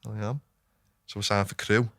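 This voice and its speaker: Scouse male guest, 20s, low voice, dry close mic, swears a lot while telling long stories. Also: steady tone, moderate pace, a bit bright, no echo. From Liverpool, England. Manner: sweary, tells stories with lots of filler asides. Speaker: podcast guest, footballer. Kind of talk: casual storytelling chat. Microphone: studio podcast mic.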